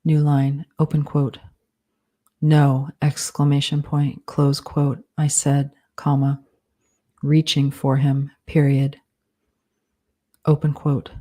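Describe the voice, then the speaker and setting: A woman author dictating a fantasy novel aloud, calling out each comma and period in a measured, deliberate way. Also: low-pitched, monotone, mellow. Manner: speaks punctuation marks aloud, measured and deliberate.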